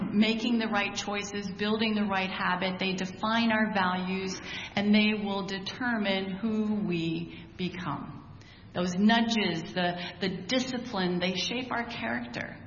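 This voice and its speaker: Woman preacher talking slow and chatty, big roomy hall sound, kinda dull. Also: medium pitch, fairly even intonation, a little hiss or hum. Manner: conversational, prays then preaches with rhetorical questions. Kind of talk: sermon. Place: church hall.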